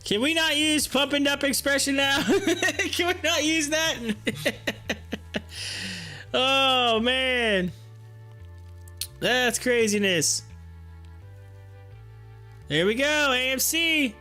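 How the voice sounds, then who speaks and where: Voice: sits high, drawn-out words, pauses often, faint music behind. A livestream host commenting on stock charts, laughing often and reading viewer comments aloud. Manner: giggly, laughs often, excitable. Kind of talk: live-streamed market commentary with chat reading.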